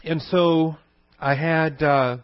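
A man's voice: a little high, steady tone, slow pace, dry recording. Guy preaching, chatty with lots of uhs and restarts, dull dry recording. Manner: conversational, many fillers and restarts, rhetorical questions. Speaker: pastor. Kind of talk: sermon teaching.

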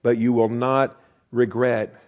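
A man leads a relaxed teaching sermon in church, moving between scripture reading and plain explanation. His delivery is folksy and unhurried. He often checks in with his listeners. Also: medium pitch, highs cut off. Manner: folksy, chuckles at the text, frequent "okay?" checks with listeners. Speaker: pastor. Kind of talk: conversational Bible teaching sermon.

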